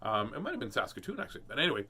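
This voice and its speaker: Playful, lively man reading aloud. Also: medium pitch, very fast, husky. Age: adult parent. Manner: playful, jokey, laughs often. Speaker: host reading children's books. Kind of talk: casual read-aloud with chat.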